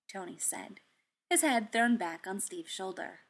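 A woman narrating a piece of fan fiction aloud, with expressive storytelling. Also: mid-range voice, measured pace.

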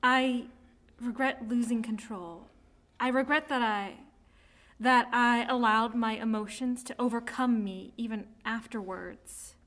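A guilt-ridden young woman Jedi, as a woman narrator puts her on, pleading in a soft, slightly high voice. She speaks slowly, as if every word costs her. An audiobook character voice. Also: fairly even intonation. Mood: pleading, remorseful. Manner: soft, slow, pleading delivery. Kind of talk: audiobook reading of fan fiction.

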